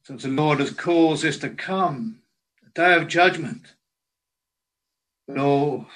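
Slow, earnest male preacher. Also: a little high, fairly bright tone, low-quality recording. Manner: slow, earnest preaching with old biblical phrasing. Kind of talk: sermon.

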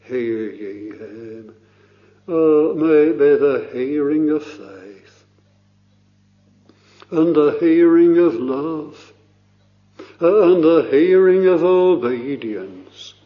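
A man preaching a sermon slowly and solemnly, often pausing with "uh" and rising in fervour, on a muffled, low-fidelity recording.

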